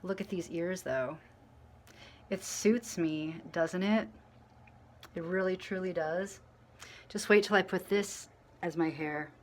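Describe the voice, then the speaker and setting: A woman vlogging casually to camera, telling a rambling story full of fillers and restarts, mostly quiet and low, getting louder when she acts out what people said. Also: slow pace, pauses often, a little hiss or hum. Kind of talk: casual storytelling to camera while dyeing her hair.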